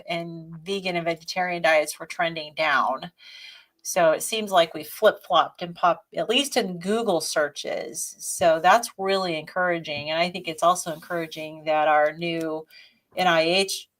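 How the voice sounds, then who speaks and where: A woman's voice: lowish voice, fairly bright tone. A woman co-hosting a live Q&A, explaining practical advice step by step in a casual, conversational way. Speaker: co-host. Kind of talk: live Q&A chat.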